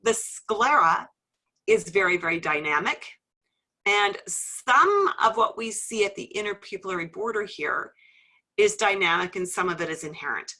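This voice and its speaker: A middle-aged woman teaching a live webinar as an instructor, friendly and gently teasing, explaining things step by step. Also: mid-range voice, animated, normal speed. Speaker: iridology instructor.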